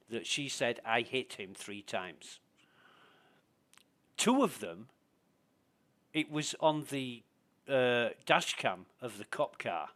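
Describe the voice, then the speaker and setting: A man's voice: mid-range voice, fairly bright tone. A man streaming a game and chatting casually with a friend, telling long stories with plenty of swearing. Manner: rambling storyteller, swears freely. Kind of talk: casual voice chat while gaming.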